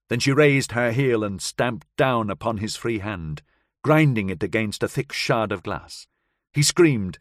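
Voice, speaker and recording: A man reads a suspenseful audiobook in the first person, measured and dramatic, his pitch rising and falling expressively. He sits close to the mic in a dry, deadened booth. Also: dry recording. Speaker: audiobook narrator. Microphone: close studio mic.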